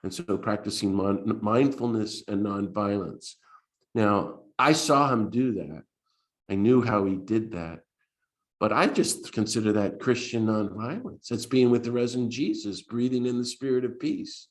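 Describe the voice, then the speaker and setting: A man's voice: lowish voice, measured pace. A man with an American accent, a priest giving a spoken talk in an earnest storytelling way with frequent restarts. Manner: earnest storytelling with restarts and lively quoted voices.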